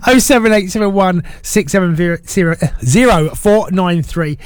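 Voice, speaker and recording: A man hosting a local radio show, chatty and quick to laugh. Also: high voice, clean tone, no room sound. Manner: chatty, laughs often, excitable. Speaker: radio host. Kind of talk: casual local radio chat. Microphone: studio microphone.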